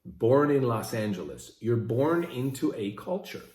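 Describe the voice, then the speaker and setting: A man's voice: mid-range voice, sing-song, a little slow, a little mellow, echoey room. A middle-aged man from Switzerland gives a casual motivational talk to camera, speaking conversationally and often checking in with "right?". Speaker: vlogger.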